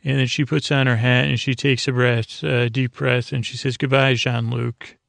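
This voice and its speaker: Male bedtime podcast host: heavy vocal fry, dry close sound, drowsy rambling recap delivery. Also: mid-range voice, moderate pace, no room sound. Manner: drowsy, meandering, many fillers and restarts; reads quoted lines flatly in his own voice. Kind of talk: slow bedtime recap of a TV episode.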